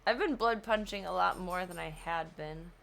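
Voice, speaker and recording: A woman's voice: on the low side, moderate pace, vocal fry, a bit bright. A woman streaming a video game, chatting casually, swearing freely and breaking into laughing shrieks. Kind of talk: casual gameplay chat.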